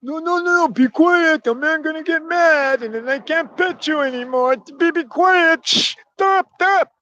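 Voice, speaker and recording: A man voicing a big, simple-minded, childlike man who talks far too loudly. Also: expressive, slow, dry recording, highs cut off, heavily acted. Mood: pleading. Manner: high, strained and shouting.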